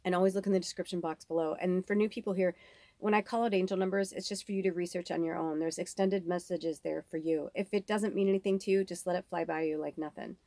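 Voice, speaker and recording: A woman's voice: on the low side, fairly even intonation, quick pace, dark tone, no echo. A woman in her thirties giving a casual psychic reading, talking candidly and rambling, swearing freely. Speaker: psychic medium. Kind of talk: casual spiritual reading monologue.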